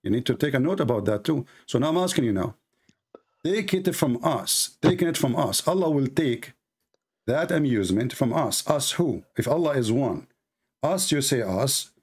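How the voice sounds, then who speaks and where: A man's voice: mid-range voice, expressive, moderate pace, darkish tone, breathy edge. Guy arguing hard, keeps repeating himself, cuts in a lot. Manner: insistent, repetitive, interrupting. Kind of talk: heated religious debate.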